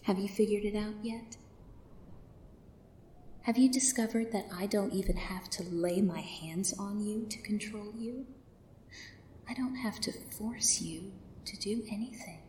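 A woman in a commanding yet soothing whispered role-play, drifting between a soft voice and a whisper. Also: mid-range voice, a little slow. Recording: roomy echo, faint background hiss.

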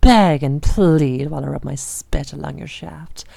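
A young woman voicing an obsessive, possessive dominant woman in an audio role-play, speaking in a soft, slow, teasing murmur. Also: low-pitched, vocal fry, no room sound, full character voice. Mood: possessive, crooning.

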